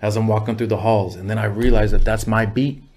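A man's voice: lowish voice, fairly even intonation, brisk, a little mellow. A man, a music producer guest, telling stories in a loose, profane way and often saying "you know what I mean". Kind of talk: casual storytelling.

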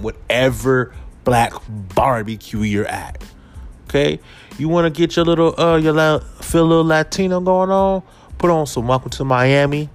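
Ranting for laughs in a casual way, this man hosts a podcast with lots of energy. His pitch and volume keep swinging, and at times he sinks into a deep, affected voice.

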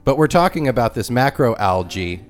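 A man's voice: medium pitch, sing-song, moderate pace, soft background music. A man co-hosting a podcast, bantering playfully in casual chat. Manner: playful, banters with his co-host. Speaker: podcast co-host.

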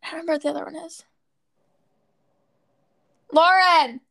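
Woman, high voice, casual podcast co-host, rambling, lots of "um"s. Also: little pitch movement, racing, vocal fry, darkish tone, no echo. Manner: rambling, searching for words with many "um"s. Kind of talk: casual chat.

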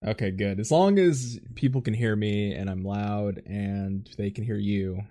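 A man's voice: on the low side, a little slow, warm tone. Laughing, joking male podcast host. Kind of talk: casual chat.

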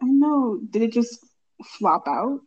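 A woman's voice: a little high, expressive, slow pace, a little mellow. Giggly teen girl, dull lo-fi sound. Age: teens. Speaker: co-host friend. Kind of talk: casual chat.

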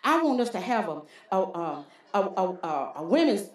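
A woman's voice: mid-range voice, big pitch swings, normal speed, voice pushed down, close to an everyday voice. Woman doing a stammering church member. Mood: pleading. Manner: stammering, fumbling for words. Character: hesitant complaining church woman. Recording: roomy church hall echo.

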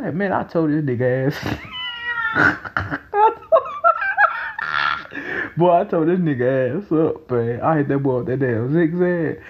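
A young man talking in a casual, rambling monologue, excitable and profane, breaking into loud laughs. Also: a little high, highs cut off, background noise. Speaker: vlogger.

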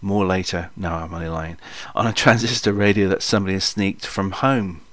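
A man in his sixties tells an old story in a loose, chatty way, full of ums and little jokes to the listener. His voice sits on the low side. The sound is dry and close, with no room echo. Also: steady tone, fairly quick, fairly bright tone. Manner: rambling and jokey, with frequent ums and asides to listeners. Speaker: podcast storyteller. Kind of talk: casual spoken memoir.

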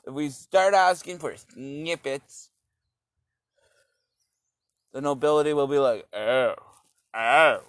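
A man's voice: fairly high pitch, slow pace, long pauses, no room sound. A man talking in a rambling, profane philosophical monologue, repeating his phrases as he goes.

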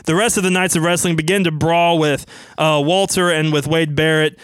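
A man casually narrating a wrestling storyline as brisk play-by-play. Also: fairly high pitch, fairly even intonation, fairly bright tone, smooth, no room sound.

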